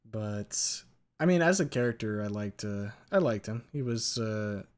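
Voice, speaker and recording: A man's voice: fairly low pitch, expressive, measured pace. A man hosting a casual video-game chat, talking thoughtfully and hesitantly with many filler words. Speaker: podcast host.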